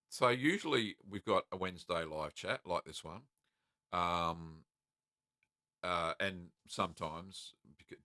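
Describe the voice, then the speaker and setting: A middle-aged Australian man from South Australia hosting a live cheese-making Q&A, reading out viewer comments in a relaxed, friendly way with many ums and uhs. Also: deep voice, dry recording, clean studio sound. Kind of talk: casual live-stream chat reading comments.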